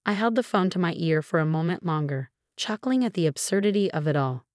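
A woman narrates a scripted first-person story in a low, even voice. Her delivery stays measured and unhurried. The sound is dry and close, with no echo.

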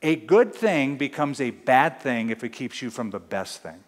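A man's voice: medium pitch, big pitch swings, moderate pace, big-room sound. A man preaching a sermon as pastor, emphatic and full of rhetorical questions. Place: church.

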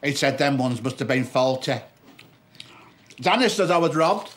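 An actor playing a lonely fat man, soft voice. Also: mid-range voice, expressive, moderate pace, a little hiss or hum, lightly acted. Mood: resigned. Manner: soft-spoken, plain, calls people love. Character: lonely, very fat middle-aged man, gentle and wounded. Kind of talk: TV comedy-drama acting.

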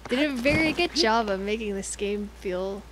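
An American woman chatting casually as she plays a game on a live stream, self-deprecating and quick to giggle. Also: medium pitch, expressive, noisy background. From United States. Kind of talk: casual gameplay commentary.

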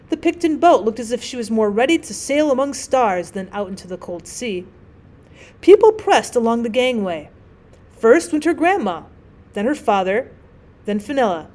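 A woman teacher narrating a classic short story as an audiobook, with clear, measured storytelling. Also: a little high. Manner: clear, measured storytelling with gentle voices for characters.

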